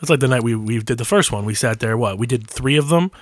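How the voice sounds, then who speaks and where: Twenties dude talking fast on a podcast, laughs a lot, swears constantly, dry sound. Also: male voice, medium pitch, expressive, dry recording. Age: 20s. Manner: fast, laughing, profane storytelling. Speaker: podcast co-host. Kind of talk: casual chat.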